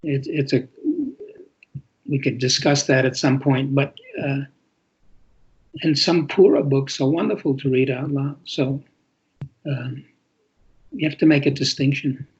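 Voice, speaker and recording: A man's voice: medium pitch, steady tone, unhurried, long pauses, breathy edge. An older man, an author and interview guest, talking casually and expressively, stressing words as if reading aloud, over muffled lo-fi audio.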